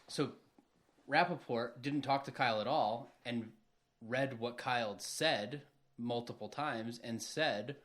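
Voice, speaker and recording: A man hosting a podcast, calmly laying out his argument in casual chat. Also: mid-range voice, moderate pace. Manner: explanatory, methodical. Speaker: podcast host.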